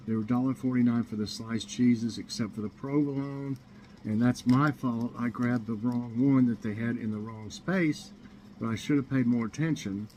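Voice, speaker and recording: A man's voice: medium pitch, a little hiss or hum, poor audio. A man with a Southern US accent, chatting casually through a grocery haul, rambling and listing prices with lots of fillers. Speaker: vlogger.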